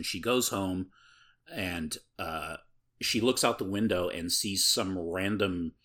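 Casting: deep-voiced man, casual rambling film recap. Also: sharp tone. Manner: rambling, many filler words.

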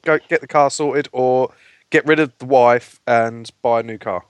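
A man's voice: medium pitch, fairly even intonation, normal speed, clear, resonant tone, no echo. A man co-hosting a casual podcast, bantering crudely and reading listener letters aloud.

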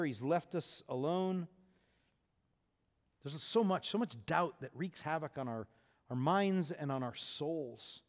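A man preaching a sermon, acting out the voices of the people in his story and speaking with lively, conversational emphasis. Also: on the high side, big-room sound. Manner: animated, acts out Jesus and disciples. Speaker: pastor.

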